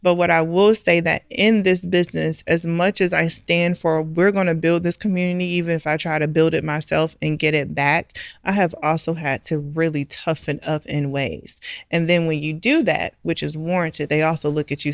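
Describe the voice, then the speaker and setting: A woman's voice: sits low, steady tone, moderate pace, dry recording, clean studio sound. A middle-aged woman, a bar owner, speaking candidly and emphatically in an interview, often using rhetorical questions. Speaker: guest, restaurant and bar owner.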